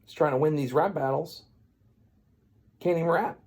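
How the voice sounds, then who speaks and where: A man rambling through an absurd comic retelling of a fairy tale, with deadpan asides. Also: fairly high pitch, normal speed. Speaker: comedian storyteller.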